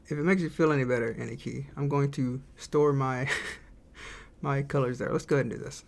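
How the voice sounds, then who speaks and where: A man's voice: mid-range voice, steady tone, a little fast, creaky. A man streaming his indie game development, chatting casually and thinking aloud while he draws and reads chat.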